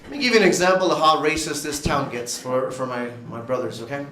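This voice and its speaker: A man's voice: on the high side, expressive, fast talker, noisy background. A man doing brash, profane stand-up comedy, teasing the audience in a large comedy club. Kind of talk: stand-up comedy with crowd work. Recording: echoey club with loud crowd laughter.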